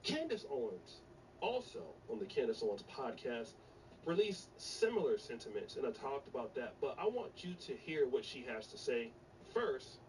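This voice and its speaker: A man hosting a casual commentary show, introducing clips and leaning on repeated words for emphasis. His pitch moves around a lot. The mic sits at a distance, with faint background noise. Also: big pitch swings, moderate pace, darkish tone. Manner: repetitive, emphatic. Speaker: commentary channel host.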